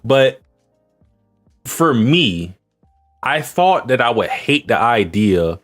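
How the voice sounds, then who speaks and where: A man's voice: medium pitch, very animated, slow, a bit bright, faint music behind. A man co-hosting a podcast in casual chat, blunt and swearing casually. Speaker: podcast co-host.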